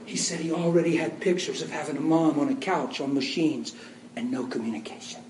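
A high-voiced man preaches in a story-driven style, jumping from loud, excited bursts to hushed, near-whispered asides. His voice rings through a very echoey hall, heard from some distance with faint room noise behind. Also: fairly quick, crowd noise. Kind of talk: sermon storytelling.

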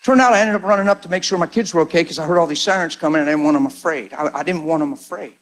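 A middle-aged man preaching a testimony as a story, animated, acting out the people in it and dropping to hushed tones. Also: a little high, rapid-fire.

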